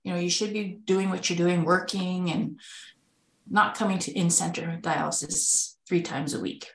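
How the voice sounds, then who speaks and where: A woman's voice: on the low side, fairly even intonation, moderate pace, vocal fry, reverberant, rough recording. A woman telling a candid personal story in a conversational way, acting out the dialogue she quotes. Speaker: spouse of a kidney patient, webinar speaker.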